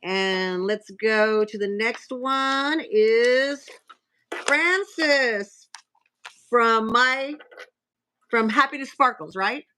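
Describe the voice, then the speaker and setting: A woman hosting a casual live stream, reading out cards and messages in a chatty way with filler pauses. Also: on the high side, bright, forceful tone, low-quality recording.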